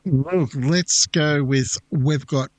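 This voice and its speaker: A man with an Australian accent, co-hosting a film podcast in a relaxed, casual chat. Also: fairly high pitch, very slow, no echo. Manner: relaxed, reads lists off plainly. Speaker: podcast co-host.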